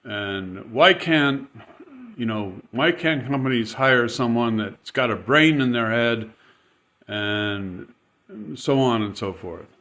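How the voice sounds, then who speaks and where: A man's voice: mid-range voice, takes it slowly, a bit bright. A man casually telling a rambling, chatty anecdote, chuckling as he goes. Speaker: storyteller.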